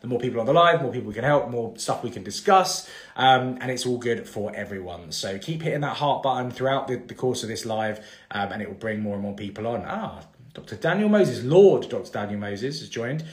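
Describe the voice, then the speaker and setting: A man's voice: mid-range voice, lively intonation, fairly quick. A man, hosting a casual live-stream Q&A about mortgages and rambling through fillers and restarts. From England. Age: 30s. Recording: echoey room.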